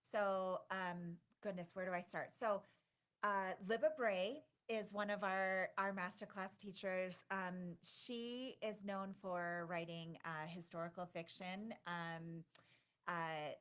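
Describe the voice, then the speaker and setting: Excitable rambling woman co-host. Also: fairly low pitch, takes it slowly, clean tone. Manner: excitable, rambling, many fillers and restarts. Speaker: conference organizer and co-host. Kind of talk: casual livestream chat.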